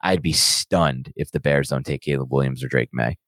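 Deep-voiced man ranting in lively banter. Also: normal speed, dry recording. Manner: animated, emphatic, defensive ranting. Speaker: podcast co-host. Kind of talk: casual sports banter.

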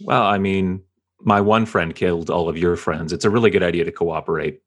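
A man speaks in character in a tabletop game, dry and matter-of-fact. His voice sits slightly low. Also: a little fast. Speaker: player. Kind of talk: in-character tabletop role-play.

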